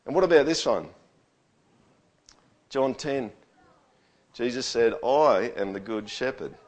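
A man preaching a sermon to his church. He swings from near-whispers to loud, booming scripture quotes and often asks the room to answer back. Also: expressive, takes it slowly. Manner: asks the congregation for agreement. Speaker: pastor. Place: church hall with live sound. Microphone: stage microphone through a sound system.

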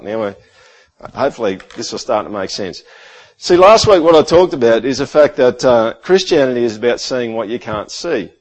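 Lively, joking man preaching a sermon. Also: medium pitch, brisk. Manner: animated, jokey, acts out his son's lines. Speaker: pastor.

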